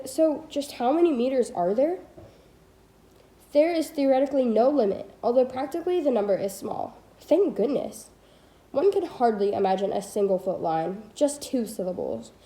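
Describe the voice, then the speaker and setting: A woman's voice: on the high side, mellow, echoey room, poor audio. A teenage girl reading a poetry textbook aloud, stopping to correct her slips and adding asides. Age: teens. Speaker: student reading a book aloud. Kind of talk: casual read-aloud of a textbook.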